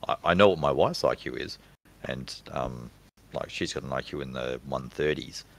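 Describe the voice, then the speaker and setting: A man in his forties talks in an extremely low voice. He is relaxed and easygoing in a podcast chat, laughs readily and is quick to compliment the others. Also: vocal fry. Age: 40s. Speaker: podcast co-host. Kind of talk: casual chat.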